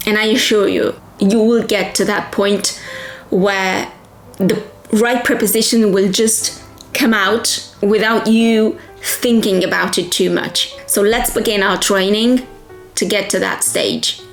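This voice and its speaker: A woman teaching English, speaking slowly and deliberately and repeating phrases for learners to say after her. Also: mid-range voice, steady tone, echoey room, soft background music. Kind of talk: pronunciation drill lesson.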